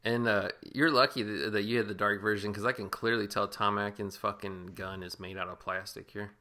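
A man's voice: lowish voice, fairly even intonation, fairly quick, pushed and bright. A man co-hosting a casual movie commentary podcast, rambling and swearing loosely with lots of fillers. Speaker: podcast co-host.

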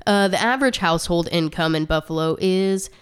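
Woman, podcast co-host, casual chat, low voice, smooth tone, slightly out of breath. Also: a little fast. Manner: chatty, reads out statistics with asides. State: short of breath.

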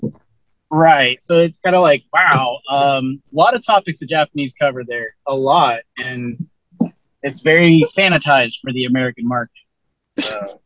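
A man's voice: mid-range voice, normal speed, a bit bright, dry recording. A man telling a story in a casual podcast chat, a little hesitant. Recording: dull dry sound.

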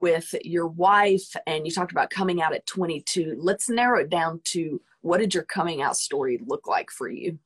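A woman's voice: lowish voice, normal speed, hardly any pauses, husky. A woman hosting a podcast, chatting enthusiastically and reading out listener questions. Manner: enthusiastic, playful, affirming. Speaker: podcast host. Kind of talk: casual podcast conversation.

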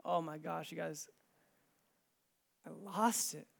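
Male pastor, high voice, emotional and casual, sermon storytelling with big swings in volume. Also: fairly even intonation, slow pace, creaky. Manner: emotional storytelling, swinging from hushed near-whispers to loud, intense emphasis; casual, with many "like" fillers.

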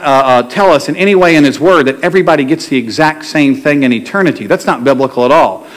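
A male pastor preaching a sermon to his congregation in a conversational way, asking them questions and telling stories. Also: on the high side. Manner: conversational, asks the congregation questions and tells jokes. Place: church sanctuary before a congregation.

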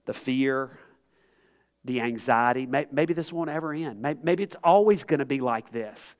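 A man preaching a sermon as pastor, impassioned, swinging between loud pleading and hushed, quiet tones. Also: medium pitch, normal speed.

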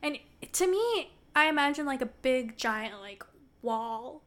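High-pitched woman podcast co-host, chatty and emphatic. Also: animated, takes it slowly, a bit bright. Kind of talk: casual book chat.

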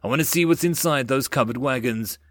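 A calm, commanding lord in an audiobook who speaks in short orders, as a man reads him. The voice is dry and close. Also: medium pitch, a little fast, no room sound, natural voice. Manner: calm, terse.

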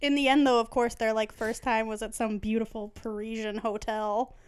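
A woman's voice: a little high, flat delivery, moderate pace, clean tone. A woman co-hosting a podcast, telling a rambling story with frequent giggles in casual chat. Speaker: podcast co-host.

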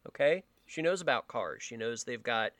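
A man's voice: mid-range voice, moderate pace, dry recording. A young man co-hosting a casual podcast, joking and swearing freely, speaking into a podcast microphone. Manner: profane, joking, animated. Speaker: podcast co-host.

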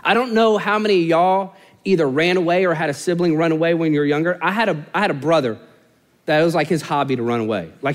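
A man's voice: on the high side, fast talker. A young man preaching a sermon, telling stories with humor and acting out voices. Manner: animated storytelling, mimics voices, self-mocking humor. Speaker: pastor.

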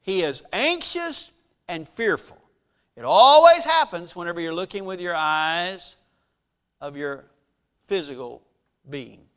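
A man preaching a sermon, retelling scripture in an animated storytelling way and acting out its people. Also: sits high, a little slow, pauses often, clean tone. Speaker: pastor.

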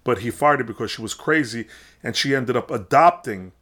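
A man's voice: medium pitch, fairly quick, a bit bright. A man casually recapping a film, rambling on with frequent restarts and fillers.

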